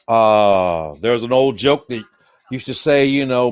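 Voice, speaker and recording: A man's voice: medium pitch, lively intonation, slow pace, smooth. A man from the United States hosting a loose, rambling, folksy livestream monologue while drinking beer. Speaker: livestream host.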